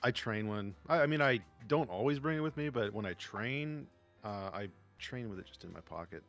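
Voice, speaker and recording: A man co-hosting a podcast, telling stories in a casual, profane, animated way. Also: lowish voice, moderate pace, soft background music. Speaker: podcast co-host. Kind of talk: casual storytelling chat.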